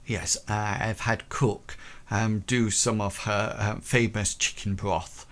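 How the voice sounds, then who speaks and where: A man's voice: fairly low pitch, flat delivery, fairly bright tone. Man voicing a prim widowed lady of the manor. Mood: formal. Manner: formal, halting, with many ums.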